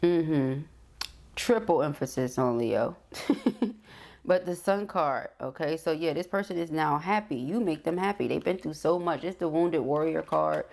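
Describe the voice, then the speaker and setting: A woman with a low, gravelly voice talks through a tarot spread. She keeps checking in with her listener, and her tone stays affirming. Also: moderate pace, darkish tone. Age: adult. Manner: frequent "okay?" check-ins, affirming. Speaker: tarot reader. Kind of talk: tarot reading monologue.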